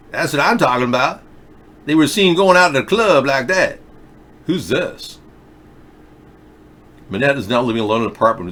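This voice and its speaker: A man's voice: medium pitch, fairly bright tone. A middle-aged man hosting a live video chat show, reading viewer comments and rambling through sarcastic jokes and asides.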